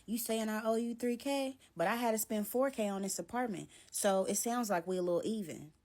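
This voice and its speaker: A woman's voice: mid-range voice, brisk, darkish tone, pitched above the performer's own voice, natural voice. Woman quoting a crude, controlling young swindler. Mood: hostile. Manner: aggressive, crude and dismissive.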